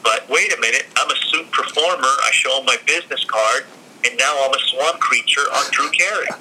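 Bright-voiced man telling animated stories. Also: medium pitch, a little fast, slightly rough, rough recording. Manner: animated, acts out other people's lines; chatty, lots of fillers and blah blah. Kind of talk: casual storytelling.

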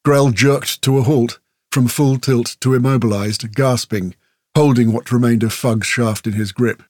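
Measured male audiobook narrator. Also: mid-range voice, fairly even intonation, a little mellow, dry recording, clean studio sound. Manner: measured, storytelling. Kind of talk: scripted narration.

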